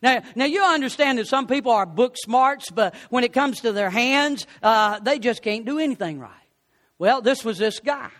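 A man's voice: extremely high pitch, lively intonation, moderate pace, fairly bright tone, long reverb tail. A man preaching a sermon, telling folksy stories and rising to fervent appeals.

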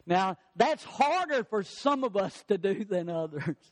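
A man's voice: high-pitched, very animated, unhurried, in a large hall. A male pastor delivering a sermon, building emphatic repeated lines and acting out the quotes he tells. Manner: preaching with rising emphatic lines and acted-out quotes.

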